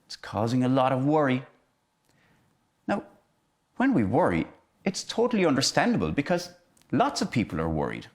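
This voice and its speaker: A man's voice: mid-range voice, wildly swooping pitch, moderate pace, long pauses. A man, a teacher giving a playful children's lesson about feelings and acting out each emotion.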